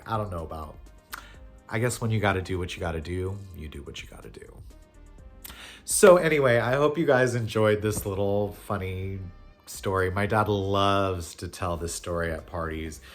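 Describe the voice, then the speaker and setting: A man in his thirties casually telling a funny personal story, animated and shouting at the panicky moments. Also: low-pitched, normal speed, faint music behind. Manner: animated, jumps to loud shouts when acting out the panic.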